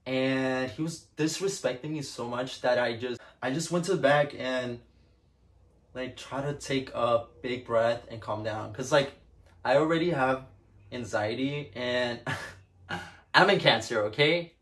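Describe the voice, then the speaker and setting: A man's voice: medium pitch, measured pace, a bit bright. Chatty young man telling a story. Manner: chatty, lots of "like" fillers, laughs often. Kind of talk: casual storytelling to camera.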